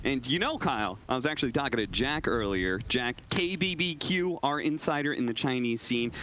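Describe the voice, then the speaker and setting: A man casting a live esports match, giving brisk, conversational play-by-play. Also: medium pitch, expressive, a bit bright, slight background noise.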